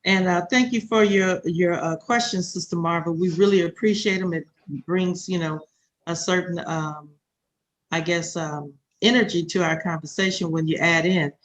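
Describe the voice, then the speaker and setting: A podcast host with a middle-range voice speaks in a measured, unhurried way. The host guides the conversation and points listeners toward articles on the topic. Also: mid-range voice, steady tone, a bit bright. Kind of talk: educational podcast discussion.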